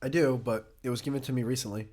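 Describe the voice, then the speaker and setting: A man chatting casually as a podcast guest, telling animated stories and laughing a lot. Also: medium pitch, quick pace.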